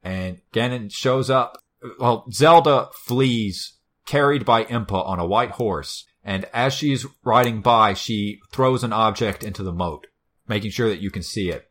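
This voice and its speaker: A man's voice: on the low side, a little slow, fairly bright tone. A man co-hosting a podcast, retelling a story in casual chat, wry and full of swearing. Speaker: podcast co-host.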